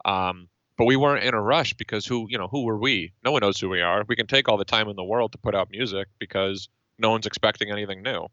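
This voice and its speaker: A man's voice: fairly low pitch, quick pace, hardly any pauses, pushed and bright, dry recording. A man, a band member, talking as a guest in a casual interview, thoughtful and full of fillers and restarts. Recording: dull, dry lo-fi sound.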